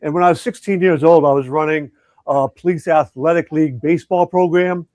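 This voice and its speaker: A middle-aged man, an education coach, telling a personal story in an interview, earnest and reflective with halting restarts. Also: on the high side, darkish tone, dry recording. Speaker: education coach and conference speaker.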